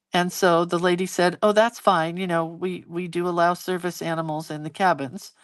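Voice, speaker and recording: A middle-aged woman spinning a chatty story while she draws, voicing the people in it as she goes. Her voice sits a bit low for a woman. The sound is dry and close, with no room echo. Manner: chatty, animated retelling with acted quotes. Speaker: hand-lettering creator hosting a live video. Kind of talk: casual storytelling while drawing.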